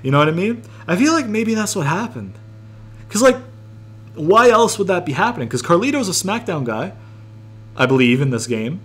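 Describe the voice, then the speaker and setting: A man's voice: high-pitched, sing-song, normal speed, a bit bright, husky. A man giving casual, rambling gameplay commentary, thinking aloud and swearing freely. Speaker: gaming YouTuber.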